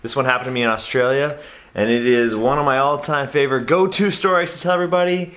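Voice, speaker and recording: A comedian and magician telling a comic story to camera in an animated, playful, exaggerated way. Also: male voice, medium pitch, fast talker.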